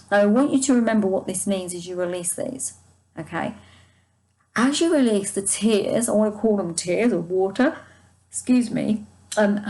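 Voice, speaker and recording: A woman's voice: medium pitch, a little mellow, low-quality recording. A woman giving a casual tarot reading to her viewers, soothing and reassuring, often stopping and restarting her sentences. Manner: soothing, speaks of angels guiding her. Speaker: tarot card reader.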